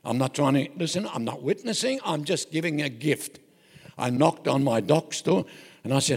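Gravelly older Australian preacher, lively. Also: male voice, a little high, normal speed, big-room sound. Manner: folksy and joking, with self-interruptions. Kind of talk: anecdotal sermon.

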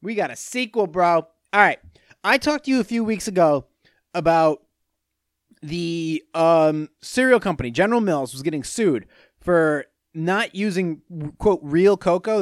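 A young adult man hosting a casual solo podcast, telling stories with profane, animated rants. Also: on the high side, no room sound. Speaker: podcast host.

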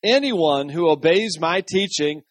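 A man's voice: fairly high pitch, expressive, a little slow, no echo. A male pastor reading the words of Jesus aloud in a sermon, emphatic and declaring. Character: Jesus, calm and authoritative teacher. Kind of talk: dramatic scripture reading in a sermon.

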